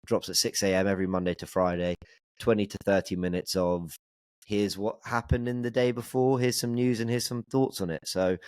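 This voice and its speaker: Wry, low-voiced man talking football. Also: fairly even intonation, fairly quick, darkish tone, no room sound. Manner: conversational, wry, sarcastic asides. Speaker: podcast guest, football pundit. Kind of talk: casual football chat.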